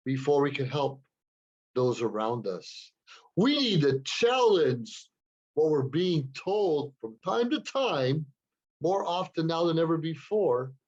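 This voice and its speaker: On his own show, a man with a fairly high, slightly mellow voice lectures the camera alone, earnest and moralizing, repeating words as he collects his thoughts. The computer camera recording sounds muffled.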